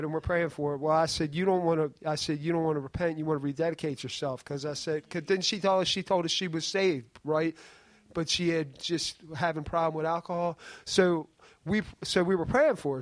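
A man's voice: a little high, dry recording. A man giving a spoken testimony at a church meeting, telling a rambling story and often asking "right?".

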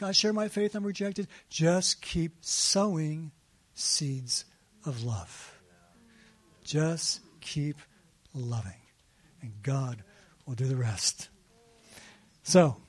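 A man in his sixties telling a personal story in a sermon, animated and laughing at himself. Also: high-pitched. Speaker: speaker at a faith gathering.

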